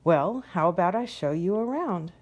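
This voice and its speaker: Woman voicing a cheerful boy butterfly, a bit higher and brighter than her narration, helpful and kind, storybook. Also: expressive, normal speed, highs cut off. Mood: friendly. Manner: cheerful, welcoming offers.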